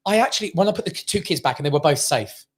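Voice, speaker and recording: A man from England telling a lively personal story on a panel show, acting out what others said. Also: fairly high pitch, racing, husky. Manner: animated anecdote teller, acts out quotes. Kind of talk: casual chat, storytelling.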